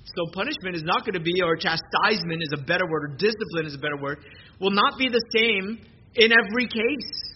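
Preaching earnestly, a man with a high, animated voice moves at a brisk clip, frequently repeating words as he restarts sentences. The sermon recording is muffled and lo-fi, with background noise.

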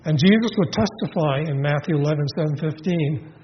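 A man with a fairly high voice preaches a sermon, talking through the verses in a conversational way and asking rhetorical questions. The recording is dull and lo-fi, with a long reverb and noise. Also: brisk. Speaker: pastor.

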